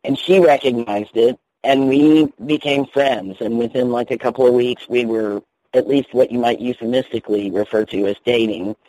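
A man with a soft North Carolina Southern accent tells his story in an easy, candid way, laughing now and then. His voice is warm and relaxed, recorded dry and close. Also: mid-range voice, moderate pace, no room sound, low-quality recording. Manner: chatty, candid, laughs easily. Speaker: guest minister. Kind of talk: storytelling in a radio interview.

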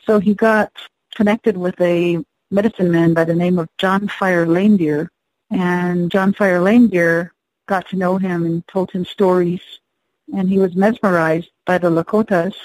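A singer-songwriter woman from the Navajo Nation, telling an unhurried, reflective story to introduce one of her songs. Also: fairly low pitch, fairly even intonation, darkish tone, dry recording, rough recording. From Navajo Nation, US Southwest.

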